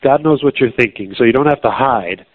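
A man preaches in an everyday conversational tone at a middle pitch, pressing his listeners with blunt questions. The sound is thin and narrow, like a phone line. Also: brisk. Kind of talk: sermon.

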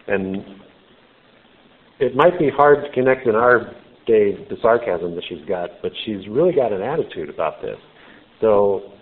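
A male preacher talks through a scripture story in an informal, explanatory way. His voice sits low. The sound is thin and band-limited, like a phone call. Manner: informal, explanatory, with "you know" fillers. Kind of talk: conversational sermon.

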